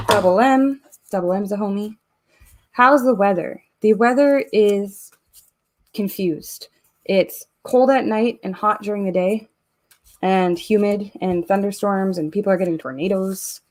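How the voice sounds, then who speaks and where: A woman's voice: mid-range voice, measured pace. A Canadian woman hosting a live stream, chatting casually and reading viewer comments aloud as she works. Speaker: host of a live giveaway stream.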